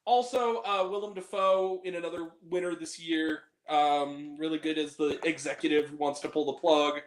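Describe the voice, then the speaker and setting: Man, high voice, animated casual film chat, echoey room. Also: normal speed. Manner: animated, quotes movie lines in put-on voices. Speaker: podcast host.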